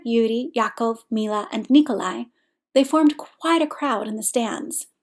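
A woman reads a story aloud as narrator, in a somewhat high voice. Her delivery is measured and even. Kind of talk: reading fan fiction aloud.

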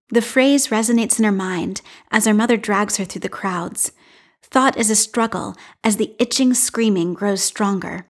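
A woman reading a fan fiction story aloud in a calm, measured narration. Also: medium pitch. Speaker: reader.

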